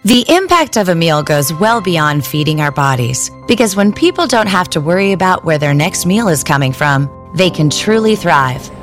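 Female PSA voice-over, lowish lively voice, earnest read over music. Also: normal speed, hardly any pauses. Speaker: announcer. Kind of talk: public service ad voice-over.

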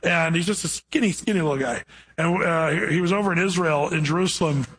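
A man preaching a sermon in a casual, storytelling way, reading scripture slowly and then chatting about it. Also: fairly high pitch, fairly bright tone. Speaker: pastor.

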